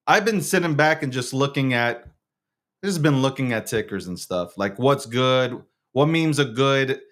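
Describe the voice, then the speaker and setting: A man's voice: medium pitch, a bit bright. A man hosting his own show, talking in a casual, slangy monologue with lots of stammered restarts. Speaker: show host.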